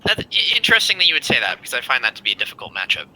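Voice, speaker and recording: A man giving analytical commentary on a card game stream, measured and thoughtful. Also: mid-range voice, big pitch swings, sharp tone, slight background noise, poor audio. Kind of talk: casual live game analysis.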